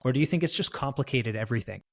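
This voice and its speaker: A man of middle pitch hosts an interview podcast. He frames his questions in a measured way, restarting a few words as he goes. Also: creaky, fairly bright tone. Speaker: podcast host.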